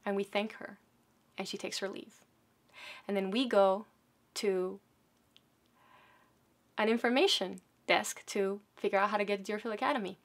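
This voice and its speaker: A woman's voice: mid-range voice, fairly even intonation, moderate pace, pauses often. A woman from South America tells a personal story to an audience, retelling it vividly with acted quotes.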